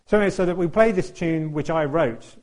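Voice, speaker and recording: A man's voice: on the high side, a little fast, a little mellow. A man telling a chatty, self-deprecating story during a church talk, laughing often and acting out what people said. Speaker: church speaker. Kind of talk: anecdotal sermon storytelling.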